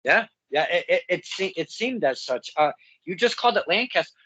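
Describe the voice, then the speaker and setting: A man's voice: sits high, lively intonation, brisk, bright, forceful tone, breathy edge, dull audio. A man hosting a casual interview, rambling and chatty with lots of fillers and self-corrections. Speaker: podcast host.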